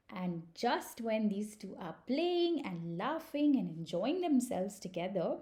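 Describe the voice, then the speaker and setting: A woman reading a children's story aloud as a preschool storyteller, gentle and unhurried. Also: mid-range voice.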